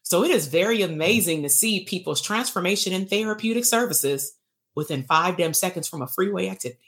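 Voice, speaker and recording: Low-leaning, expressive, and a bit bright, her voice moves briskly as she hosts a live online workshop. The therapist coach and bootcamp host tells a story casually, acts out the dialogue, and keeps laughing, with a salty edge to her manner.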